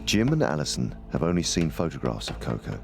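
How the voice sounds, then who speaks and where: Male documentary narrator, extremely low pitch, gravelly, calm measured delivery, music underneath. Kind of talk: scripted narration.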